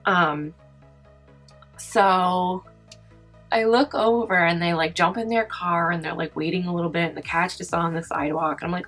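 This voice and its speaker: A young woman vlogger telling a story in casual chat while doing her makeup, talking fast with lots of "like" and acting out what people said. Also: on the low side, fairly bright tone, faint music behind, low-quality recording. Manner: chatty, fast, heavy use of "like", acts out quoted voices. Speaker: beauty vlogger.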